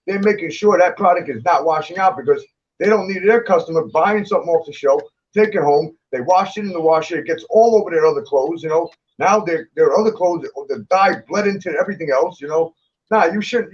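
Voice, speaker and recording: A man with a high voice tells blunt, profane stories in a casual chat. The recording sounds dull and lo-fi, as if the top end was cut off. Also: fairly quick. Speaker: guest, clothing designer.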